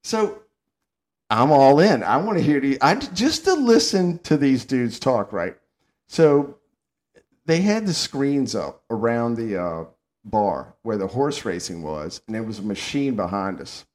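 A man from the Southern United States hosting a podcast, telling stories in a casual, animated way and laughing often. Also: mid-range voice, unhurried. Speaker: podcast host. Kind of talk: casual chat.

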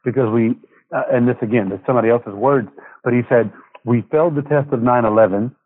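Male guest, reflective and halting, phone-quality audio. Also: medium pitch, dry recording. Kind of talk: casual faith conversation. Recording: tinny phone line.

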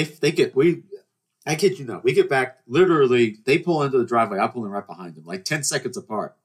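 A man in his twenties hosting a podcast, telling stories in a rambling, casual way with many restarts and acted-out dialogue. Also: mid-range voice. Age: 20s. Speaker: podcast host. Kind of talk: casual storytelling monologue.

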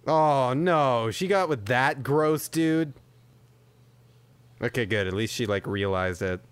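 A man's voice: medium pitch, expressive, slow pace, clean tone, dry recording. A man hosting a podcast, ranting and swearing in exasperation as he reacts to a movie into a desk microphone. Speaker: podcast host. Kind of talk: profane movie-reaction rant.

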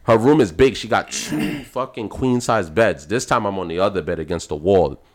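A man spinning a story in relaxed conversation. He swears freely and keeps it lively, his voice leaping up on the big moments. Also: normal speed. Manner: animated, profane, jumps up in pitch for emphasis. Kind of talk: casual storytelling chat.

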